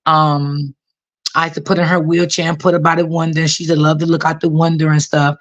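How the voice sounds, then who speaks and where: A woman's voice: low-pitched, fairly even intonation, fairly quick, dull audio. A woman telling a personal story to her viewers in a casual way, often repeating herself and using many fillers. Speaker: author talking to viewers.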